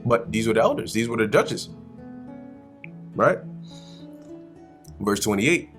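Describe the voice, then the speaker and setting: Lively guy breaking down scripture casual and slangy, faint guitar behind. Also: fairly low pitch, slow pace, long pauses. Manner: animated, slangy, acts out characters. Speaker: Bible teacher. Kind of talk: casual Bible study commentary.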